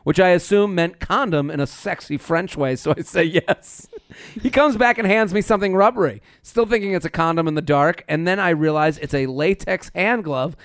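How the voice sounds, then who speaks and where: Playful joking man, a bit high. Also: normal speed, a bit bright, no room sound, studio quality. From US Northeast. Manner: joking, laughs often, playful voices when quoting. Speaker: podcast co-host. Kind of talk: casual comedic chat, reading a listener letter aloud.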